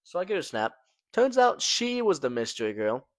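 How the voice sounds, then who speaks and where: Young male storytelling vlogger, animated slangy delivery, dry close sound. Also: fairly high pitch, normal speed, dry recording. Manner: slangy, animated, fillers like "man" and "right?". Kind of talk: casual storytelling to camera.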